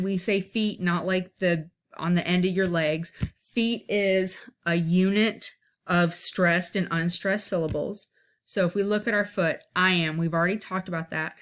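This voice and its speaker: A woman with a lowish voice teaches at an unhurried pace. She walks through each point patiently, often pausing to ask whether her listeners are following. The feel is casual, like a single take recorded without retakes. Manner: explains step by step, checks in with "okay?". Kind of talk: informal one-take lesson.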